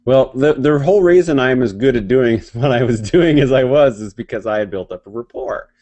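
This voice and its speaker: Man, mid pitch, casual storyteller who swears and laughs through his stories. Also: a little fast. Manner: laughing, profane, animated storytelling. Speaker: podcast co-host.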